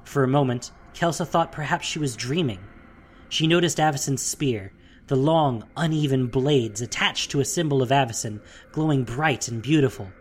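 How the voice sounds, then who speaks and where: A narrator reading a fantasy audiobook in a steady, dramatic storytelling manner. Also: mid-range voice, normal speed, slight background noise.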